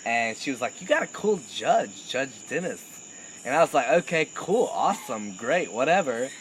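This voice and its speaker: A young man telling a crude, animated comic anecdote and laughing at his own jokes. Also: mid-range voice, moderate pace, slight background noise, low-quality recording. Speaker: storyteller.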